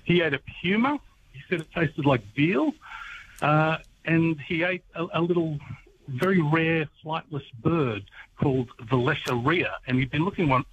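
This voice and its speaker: Husky man on a muffled line. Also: on the high side, fairly bright tone. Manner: storytelling, wry. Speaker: history guest on radio. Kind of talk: casual radio chat.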